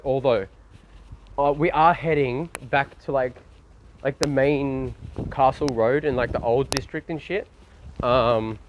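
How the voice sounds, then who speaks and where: A man's voice: mid-range voice, lo-fi sound. A man with an Australian accent, live-streaming from a phone as he walks outdoors, rambling casually and swearing freely as he talks to his chat. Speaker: IRL streamer. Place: outdoors on windy city streets. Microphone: phone held while walking. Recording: street noise and wind.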